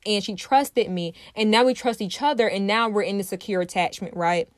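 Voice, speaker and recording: A woman's voice: medium pitch, a little fast, hardly any pauses, no room sound. Earnest woman host, dry close sound. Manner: earnest, emphatic, repeats phrases, addresses listeners directly. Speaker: podcast host. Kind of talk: personal self-help monologue.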